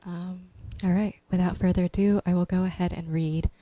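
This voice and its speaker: Young woman poet, chatty and playful, low-ish mellow voice, dry sound. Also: little pitch movement, no echo, dull audio. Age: young adult. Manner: playful and talkative between slow deliberate readings. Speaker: poet reading her work. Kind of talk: poetry reading with chatty asides.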